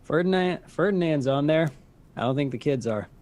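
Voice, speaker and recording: A man's voice: fairly high pitch, animated, normal speed, darkish tone. A man playing a tabletop game, eager and jokey in casual chat. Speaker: player.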